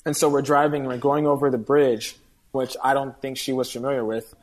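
A man's voice: mid-range voice, level tone, brisk. A man telling a long personal story in casual conversation, earnestly acting out the dialogue of the people in it. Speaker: guest.

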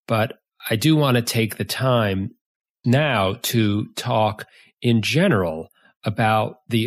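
A man hosting a podcast, giving an earnest, measured solo introduction that explains an idea step by step. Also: on the low side. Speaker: podcast host.

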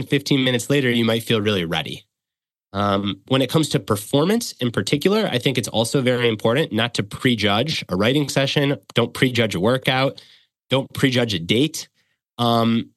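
A man of middle pitch talks as a guest expert and explains in a coaching tone, reaching for practical examples. He is close to the mic in a dry, dead room. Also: fairly bright tone, no echo. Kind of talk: conversational explanation.

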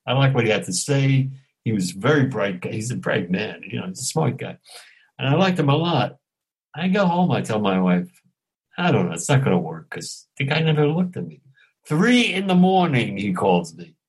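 An older man from Brooklyn, speaking, spins a show-business anecdote for an interviewer. His voice sits at an ordinary middle pitch. He talks in an animated way, acting out the dialogue and chuckling as he goes. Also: moderate pace, slightly rough, rough recording. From Brooklyn, New York. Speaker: actor, interview guest.

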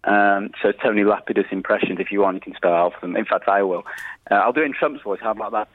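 A man's voice: lowish voice, fast talker, no room sound. A man chatting casually as an interview guest, swearing freely, heard down a phone line. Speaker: impressionist guest.

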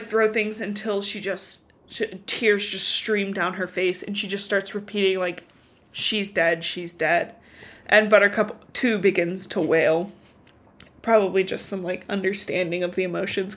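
A woman's voice: mid-range voice, steady tone, moderate pace, fairly bright tone. Chatty woman recapping a book. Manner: swears freely, retells story with many likes. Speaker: podcast co-host. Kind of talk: casual book recap chat.

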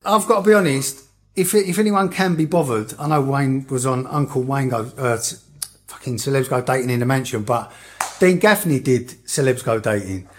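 A man's voice: mid-range voice, normal speed. A man co-hosting a podcast, full of cheeky, playful banter. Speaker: podcast co-host. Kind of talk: casual chat.

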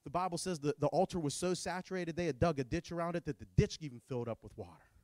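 Jokey, sarcastic male pastor mid-sermon; high voice, dry recording. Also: fast talker, a little mellow, no echo.

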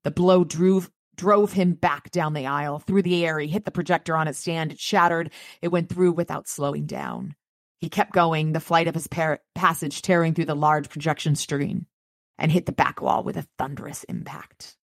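A woman's voice: low voice, steady tone, moderate pace, no room sound, clean studio sound. A woman podcast co-host loosely retelling a book chapter in a conversational way, then chatting about it.

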